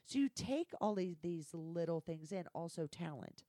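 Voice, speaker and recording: A woman's voice: lowish voice, normal speed, no room sound, studio quality. A woman telling candid, profane stories from her work in a casual podcast conversation. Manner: blunt, profane, animated storytelling. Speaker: guest.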